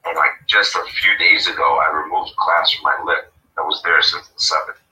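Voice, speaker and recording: A very deep-voiced man tells a story on a call-in radio show, rambling and animated, with lots of "you know" and "like". His voice has a hard, forceful edge. It comes through an echoey phone line, far from the mic. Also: normal speed, slight background noise. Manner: rambling, animated retelling with many fillers. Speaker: guest.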